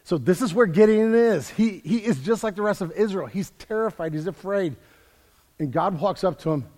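A man preaching a sermon as a pastor in a church, energetic and repeating words as he builds emphasis. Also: high voice, moderate pace, in a large hall.

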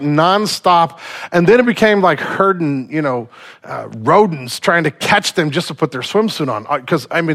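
A man's voice: a little high, fairly bright tone. A man preaching a sermon as a pastor, casual and conversational with slangy asides.

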